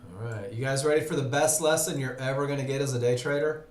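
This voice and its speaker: A man teaching a live trading webinar in a relaxed, conversational way, often putting questions to his audience. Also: medium pitch, fast talker, echoey room. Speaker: trading instructor. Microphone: computer mic on a live webinar.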